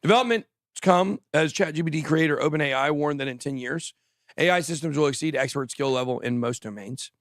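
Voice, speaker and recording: Guy hosting a crypto stream, kinda gravelly, slightly high voice, dry close mic, rambles and jokes. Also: no room sound. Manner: rambling, quick, jokey, trails off. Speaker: crypto show host. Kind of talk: casual livestream chat.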